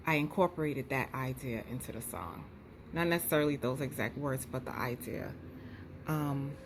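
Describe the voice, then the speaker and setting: A young woman with a deep voice chats casually into her phone camera, thinking aloud and singing snatches of a song she's drafting. She's a songwriter vlogging her process, and there's slight background noise.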